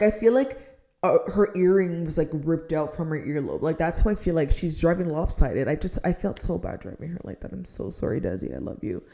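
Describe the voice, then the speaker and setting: A young adult woman telling a frustrated storytime rant, filling her talk with "like" and dropping to a near-whisper so she won't shout. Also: fairly low pitch. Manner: exasperated, heavy use of "like", drops to a near-whisper to avoid shouting. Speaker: storytime vlogger.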